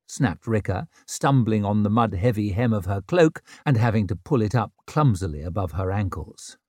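Expressive male narrator, lively delivery, dry close studio sound. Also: lowish voice, moderate pace, slightly rough, no room sound. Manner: expressive, voices every character. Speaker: audiobook narrator. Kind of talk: scripted narration.

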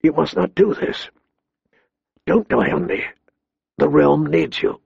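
A man's voice: high voice, moderate pace, vocal fry, no room sound, pitched above the performer's own voice. A man voicing an earnest, grief-stricken lord who pleads with a dying friend, in a dull lo-fi dry recording. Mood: grieving. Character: grieving loyal lord, middle-aged man.

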